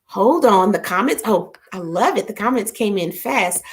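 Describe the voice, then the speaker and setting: A woman's voice: medium pitch, lively intonation, moderate pace, few pauses. A middle-aged woman hosting a casual live stream, playful and chatty, greeting her viewers by name. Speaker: livestream host. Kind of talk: casual livestream chat.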